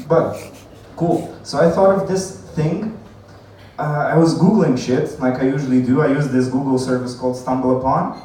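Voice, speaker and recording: A man's voice: mid-range voice, darkish tone. A man doing a stand-up comedy set at an open mic night, rambling, swearing and laughing at his own jokes. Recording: echoey room from far off, faint noise.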